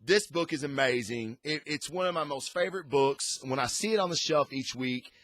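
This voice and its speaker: A man's voice: a little high, normal speed, a bit bright, dry recording. Man, casual comic review chat, enthusiastic rambling, dry close-miked voice. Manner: rambling and enthusiastic, frequent restarts. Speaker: comic book reviewer, show host.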